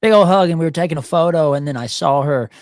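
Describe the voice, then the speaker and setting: A man hosting a casual talk show, telling stories in a jokey, animated way. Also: on the high side, fast talker, no echo, studio quality. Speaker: show host.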